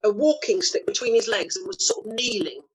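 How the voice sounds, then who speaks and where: Middle-aged lady telling showbiz stories on a call, animated, acts out what people said. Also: a little high, brisk, husky, rough recording. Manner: lively storyteller, acts out quotes, laughs often. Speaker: actor being interviewed. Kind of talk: anecdotal interview chat.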